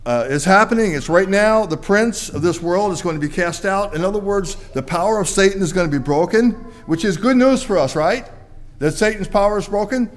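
A man preaching a sermon to a church congregation, rising to loud emphatic peaks and dropping to quiet, low endings.

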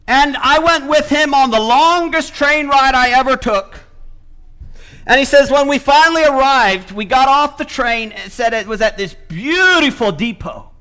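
A man's voice: extremely high pitch, pushed and bright. A man preaching a sermon, retelling a story with quoted speech and building to emphatic points.

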